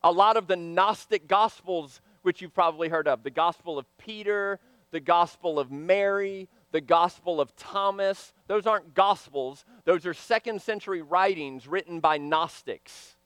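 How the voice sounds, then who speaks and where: A man preaching a sermon, swinging from loud emphatic lines to hushed, quiet ones. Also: sits high, normal speed, smooth, dry recording.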